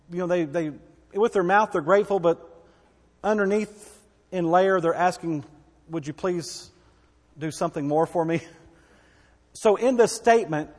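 A man's voice: high-pitched, long reverb tail. A man preaching a sermon as a pastor, in a conversational, folksy way with asides and repeated phrases.

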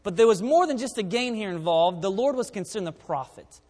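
A man preaching an earnest sermon in a church, slowing down and stressing his words as he reads scripture. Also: high-pitched, lively intonation, darkish tone. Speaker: pastor. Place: church sanctuary. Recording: reverberant church hall.

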